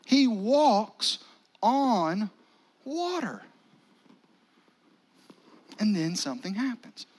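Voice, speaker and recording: A male pastor, preaching a sermon in a conversational style with dramatic pauses and near-whispers. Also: sits high, expressive.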